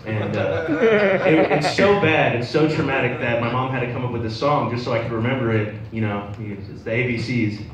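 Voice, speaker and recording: At a bar open mic night, a young male stand-up comedian rambles through his stories, packing them with filler words. His mid-range voice moves at a moderate pace with few pauses, and a crowd can be heard behind him. The recording picks up roomy bar sound from a distance.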